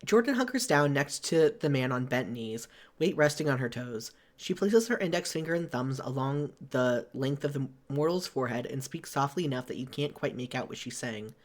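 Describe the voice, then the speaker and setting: A male streamer reading a game's narration aloud, steady between bursts of laughter and casual swearing. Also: medium pitch, normal speed.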